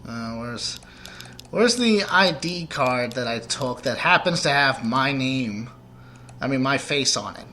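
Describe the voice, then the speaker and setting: A man's voice: medium pitch, animated, slow pace, pushed and bright, a little hiss or hum. A man giving rambling, joking let's play commentary while he plays.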